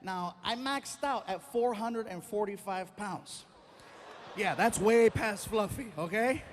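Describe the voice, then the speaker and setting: A man performing energetic live stand-up comedy on an arena stage, telling animated stories and often shouting to the audience. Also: high-pitched, takes it slowly. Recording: live arena recording with loud crowd and noise. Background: cheering and laughing audience.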